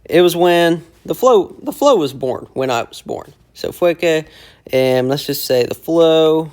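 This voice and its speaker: Slow, patient man explaining word by word. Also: a little high, lively intonation, a little mellow, clear, resonant tone. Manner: slow, repeats phrases word by word while explaining. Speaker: language teacher explaining song lyrics. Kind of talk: casual lyric breakdown lesson.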